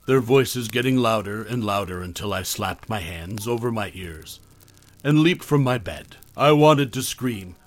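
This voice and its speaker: A man reading a first-person horror story aloud in a measured, low-key way.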